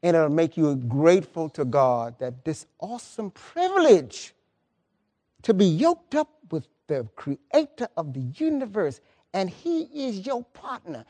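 Pastor guy preaching, high voice that jumps all over, emphatic, keeps repeating himself. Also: a little slow. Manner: animated, emphatic, colloquial, repeats words. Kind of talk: lively sermon.

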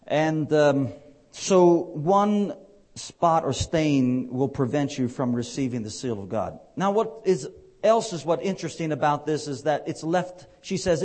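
A man's voice: on the high side, expressive, unhurried, darkish tone. A man preaching a conversational sermon, with rising emphatic peaks and frequent fillers.

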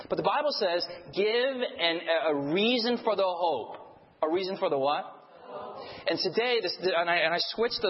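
A man preaching a sermon, telling a story and quizzing the congregation with call-and-response questions. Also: on the high side. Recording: dull sound in a reverberant hall.

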